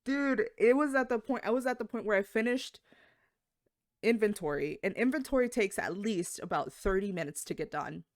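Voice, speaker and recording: A young adult woman, a podcast co-host, casually telling work stories in an animated way, swearing and acting out the voices of people she quotes. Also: medium pitch, moderate pace, no echo, clean studio sound. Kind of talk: casual storytelling chat.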